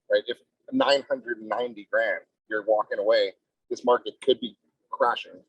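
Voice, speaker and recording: A male real estate agent talks emphatically in a team meeting, salesy and constantly asking "right?". His intonation is fairly even, his speed normal and his voice slightly rough, with no echo but muffled, low-fidelity audio.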